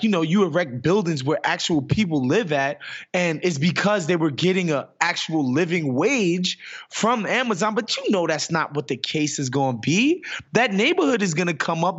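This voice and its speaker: A man's voice: fairly high pitch, fairly bright tone, breathy edge, highs cut off. A man co-hosting a podcast in casual chat, ranting with profanity and rising exclamations. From New York. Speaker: podcast co-host.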